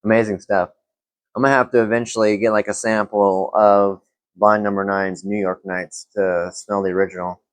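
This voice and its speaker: A young man reviewing fragrances in a casual vlog, relaxed and rambling with lots of fillers. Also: fairly low pitch, moderate pace, no room sound.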